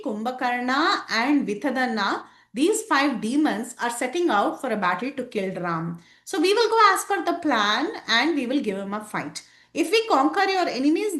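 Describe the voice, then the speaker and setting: A woman voicing a smug, scheming male demon counselor who lays out a trick with eager, rising excitement, in a roomy, echoing space. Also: exaggerated voice. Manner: excited, persuasive, pitch rising. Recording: roomy echo.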